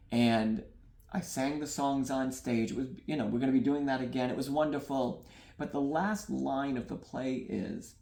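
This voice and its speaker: A man's voice: medium pitch, vocal fry, warm tone. Earnest dreamy man in a roomy gallery. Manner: earnest, dreamy, repeats phrases, laughs at himself. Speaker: artist guest. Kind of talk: reflective interview talk.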